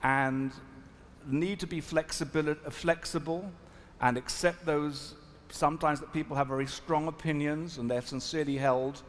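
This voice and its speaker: A man from South Africa, a rabbi, telling a story at a panel in an earnest, reflective, halting manner. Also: on the high side, fairly even intonation. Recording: echoey hall, faint noise.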